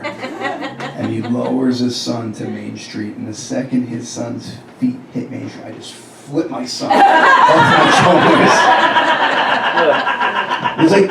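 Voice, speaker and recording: A man's voice: medium pitch, big pitch swings, a little slow, vocal fry, very noisy. A man in his thirties doing a crude, conversational stand-up set, acting out quotes of himself and others. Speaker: stand-up comedian. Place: comedy club stage. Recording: roomy club, distant mic, crowd laughter. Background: audience laughing.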